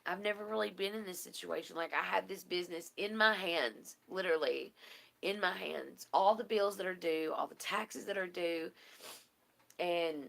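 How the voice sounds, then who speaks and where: A woman's voice: lowish voice, moderate pace, gravelly, a bit bright. A woman speaking in a tearful, heartfelt video message, rambling with many fillers and close to crying. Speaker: vlogger. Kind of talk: emotional casual video message.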